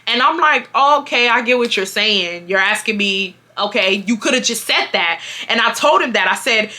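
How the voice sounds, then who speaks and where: A young woman in her twenties tells a storytime vlog in a lively, slangy way. Her voice is bright and fairly high, and she leaps in pitch when she acts out what people said. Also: moderate pace. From Houston, Texas. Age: 20s. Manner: expressive, slangy, acts out quotes with pitch jumps. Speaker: storytime YouTuber.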